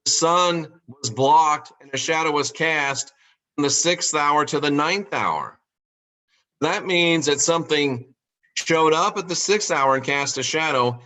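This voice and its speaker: A man hosting a podcast, talking through scripture in a monologue, repeating key lines and slowing down to stress words. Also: on the high side, bright, forceful tone. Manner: rhetorical questions, emphatic repetition. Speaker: podcast host.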